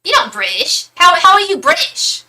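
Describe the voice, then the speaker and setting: Woman putting on a scornful middle-aged London lady, snooty, bright and pitched up. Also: wildly swooping pitch, normal speed, full character voice. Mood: sneering. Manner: sneering, scornful.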